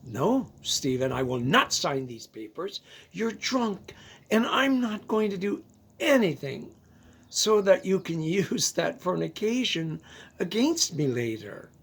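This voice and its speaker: A storyteller voicing a steadfast, pleading wife with an earnest manner and a husky voice. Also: medium pitch, sing-song, slow pace, full character voice. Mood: firm.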